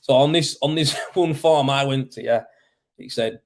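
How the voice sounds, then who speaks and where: A man's voice: medium pitch, normal speed. A man, a plasterer, chatting casually on a live stream and telling work stories, laughing often and swearing freely.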